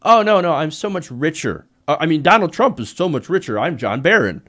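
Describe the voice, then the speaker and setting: A man's voice: fairly high pitch, sing-song, brisk, fairly bright tone. A man doing a mocking impression of a public figure posing as his own boastful publicist, talking in bluster. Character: Trump posing as boastful publicist John Barron.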